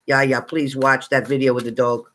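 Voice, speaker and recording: A man hosting a casual livestream, chatting with viewers and greeting them by name, excitable and exclamatory. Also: mid-range voice, moderate pace, a little hiss or hum. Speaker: livestream psychic reader. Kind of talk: casual live chat with viewers.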